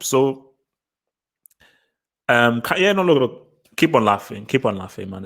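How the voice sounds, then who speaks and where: A man hosts a live football fan stream. He teases his viewers, repeats himself and laughs often. His pitch leaps far up and down as he gets worked up. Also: a little slow, pauses often. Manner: taunting, excitable, repeats himself, laughs at chat. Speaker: host of a football fan show.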